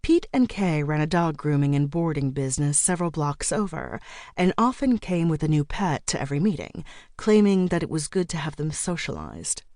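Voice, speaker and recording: Woman audiobook narrator, low voice, dry studio sound, measured, even storytelling. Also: no room sound. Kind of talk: scripted narration.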